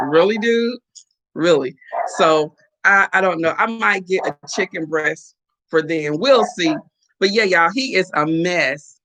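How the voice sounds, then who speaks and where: A woman's voice: medium pitch, a bit bright. Chatty woman hosting a morning live chat. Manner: chatty, playful, talks back to viewers. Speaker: live-stream host. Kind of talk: casual morning chat reading viewer comments.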